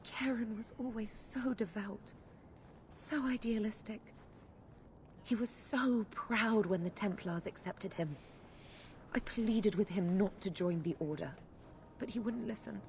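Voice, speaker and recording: A woman's voice: mid-range voice, unhurried, darkish tone, slight background noise, natural voice. An actress playing a devout woman who anxiously pleads for help finding her missing brother, in formal speech.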